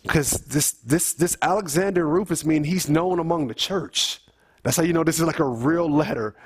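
High-voiced man leading Bible study. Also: normal speed, breathy edge. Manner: conversational, emphatic asides, frequent restarts. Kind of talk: informal family Bible reading and commentary.

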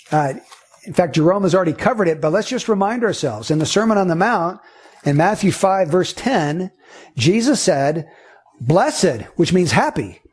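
A man's voice: sits high, darkish tone, slightly rough. A man preaching a sermon, reading scripture aloud and teaching earnestly through rhetorical questions.

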